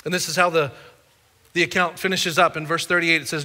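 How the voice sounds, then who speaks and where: A man's voice: a little high, little pitch movement, brisk, sharp tone, in a large hall. A man preaching a sermon as a pastor, conversational and playful with the congregation. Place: church auditorium.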